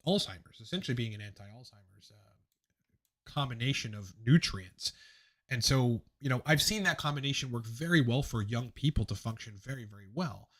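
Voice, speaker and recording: A man's voice: medium pitch, fairly bright tone. A man with a South Jersey accent hosting a casual live question-and-answer stream, talking technically and rambling with restarts and fillers close to his mic. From South Jersey, USA. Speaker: livestream host answering viewer questions. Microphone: close desk mic on a livestream.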